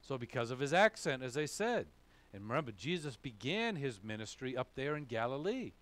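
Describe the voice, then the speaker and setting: A pastor from New England preaches in a thick Boston accent. His delivery is casual and conversational, sprinkled with "okay?" asides. His pitch swings lively up and down through the sermon. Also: fairly quick. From New England, USA.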